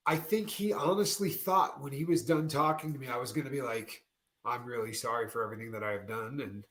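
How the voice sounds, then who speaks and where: A man co-hosting a podcast, telling animated stories in casual chat and laughing often. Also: medium pitch, fairly quick. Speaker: podcast co-host. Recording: roomy echo.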